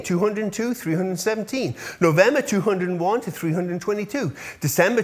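A man in his fifties, a pastor giving a casual update to his congregation, chatty and often checking in with his listeners, easily moved when he thanks them. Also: high voice. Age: 50s.

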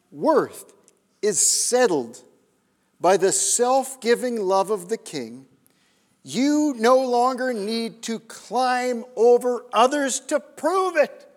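A man delivers a sermon in a hall, his words ringing out in a long reverb. His voice sits high and swings widely in pitch. He keeps questioning his listeners and sinks to a hush to stress a point. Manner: emphatic, questioning the audience, drops to near-whispers. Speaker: pastor.

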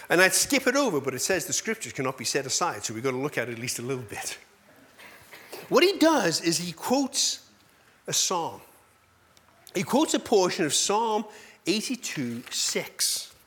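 A male pastor preaching a sermon in an animated, self-deprecating way, full of rhetorical questions. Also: fairly high pitch.

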